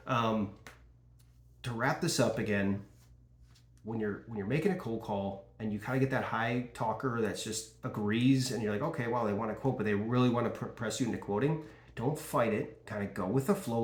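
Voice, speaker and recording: A man's voice: mid-range voice, normal speed. A man coaching insurance sales, talking casually and acting out lines from calls. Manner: casual, animated, acts out call dialogue. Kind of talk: sales training talk. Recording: echoey room.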